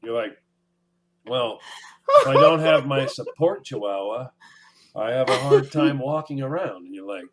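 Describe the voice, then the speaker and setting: Joking man with an animated voice. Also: medium pitch, unhurried, long pauses, a loud crowd. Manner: joking, acts out mock dialogue. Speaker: podcast co-host. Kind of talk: casual chat.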